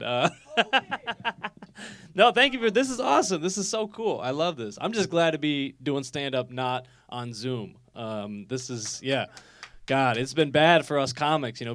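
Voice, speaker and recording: A man in his twenties doing a live stand-up set of energetic, self-deprecating observational jokes. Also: mid-range voice, moderate pace. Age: 20s. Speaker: stand-up comic. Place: live comedy telethon venue.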